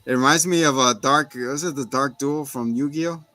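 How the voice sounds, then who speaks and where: Animated man recapping a show. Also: mid-range voice, moderate pace, dry recording. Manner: animated, often acts out characters' lines in put-on voices. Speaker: podcast co-host. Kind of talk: casual TV episode recap chat.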